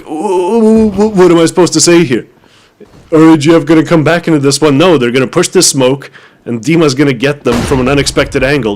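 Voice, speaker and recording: A man calling a shooter match, wry and rambling, with lots of filler words. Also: medium pitch. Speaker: esports caster. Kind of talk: play-by-play commentary. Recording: faint background noise.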